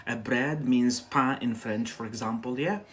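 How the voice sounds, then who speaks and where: A man's voice: mid-range voice, unhurried, a bit bright, a little hiss or hum. A man from Algeria teaching an English lesson on a live stream, in a chatty way that answers viewers' questions and asks "yeah?" often.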